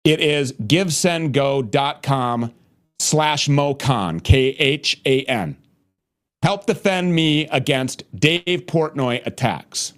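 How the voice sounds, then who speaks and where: A man hosting an online talk show welcomes his guest on air. His voice is mid-pitched and plain, and his announcing is slow and deliberate. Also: fairly bright tone. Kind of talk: talk show interview intro.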